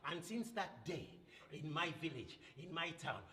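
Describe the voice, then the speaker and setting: Lively, chanting male storyteller. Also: fairly high pitch, moderate pace. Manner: dramatic, rhythmic, singsong chanting. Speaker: guest storyteller. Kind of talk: live oral folk tale with chants. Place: library event hall. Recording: echoey hall, faint noise.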